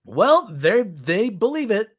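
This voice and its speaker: A man's voice: high-pitched, sing-song, slow, husky. A man hosting a podcast, giving sarcastic, ranting news commentary in a mocking tone. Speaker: podcast host.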